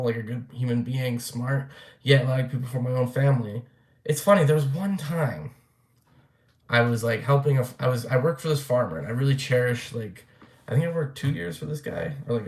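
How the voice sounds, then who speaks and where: A man's voice: medium pitch, darkish tone. Dude venting on his vlog, swears a lot, rambles, kinda echoey room. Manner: rambling, blunt, swears freely, many fillers. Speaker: vlogger. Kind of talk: casual rant to camera.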